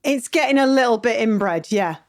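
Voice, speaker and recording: A woman hosting a podcast interview, bubbly and quick to laugh. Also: fairly high pitch, expressive, a little mellow. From North East England family. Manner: bubbly, laughs often, reads ad smoothly. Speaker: podcast host. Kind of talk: casual interview.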